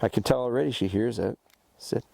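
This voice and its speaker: A man's voice: medium pitch, a little fast, gravelly, darkish tone. A male dog trainer giving casual, step-by-step instruction outdoors, breaking off often to praise and call his dog. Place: outdoors by a rural road.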